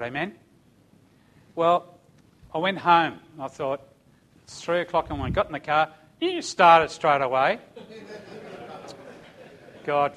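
A man's voice: a little high, fairly bright tone. Fervent man preaching. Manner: emphatic storytelling with calls of amen and hallelujah. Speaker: church speaker giving testimony. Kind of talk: sermon testimony.

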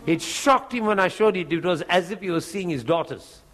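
High-voiced preacher telling a testimony. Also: male voice, normal speed. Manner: animated storytelling, chuckling often. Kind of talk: testimony in a sermon.

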